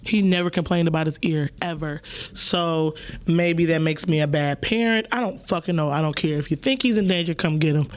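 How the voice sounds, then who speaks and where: A woman's voice: low-pitched, brisk. A woman, hosting a podcast and telling stories in a loose, profane, playful way. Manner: animated storytelling, profane, playful. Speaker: podcast host. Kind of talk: casual chat.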